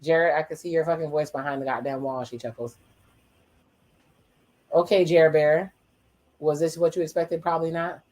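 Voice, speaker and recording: A casual watch-along host who talks back at the screen at a medium pitch. The host swears freely, drops wry exclamations and slips into quick quoted voices to retell what the people on screen say. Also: fairly even intonation, a little mellow. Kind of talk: casual reaction commentary.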